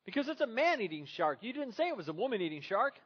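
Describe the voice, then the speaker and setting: A man's voice: high-pitched, sing-song, fast, husky, muffled recording, pitched above the performer's own voice, heavily acted. A man voicing a lazy young husband who dodges his wife's questions with offhand jokes. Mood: wisecracking. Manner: wisecracking, offhand.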